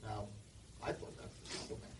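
A man's voice: normal speed, noisy background. A man giving a humorous speech, telling a childhood story and acting out the characters. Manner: animated, acts out the characters. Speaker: speaker. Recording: roomy echo from far off.

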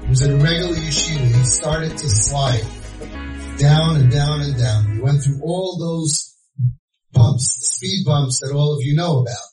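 A man's voice: on the high side, unhurried, faint music behind. A man giving a storytelling talk to a live audience, joking and acting out the dialogue as he counsels families. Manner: animated and joking, acts out the dialogue. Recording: echoey, voice from far off.

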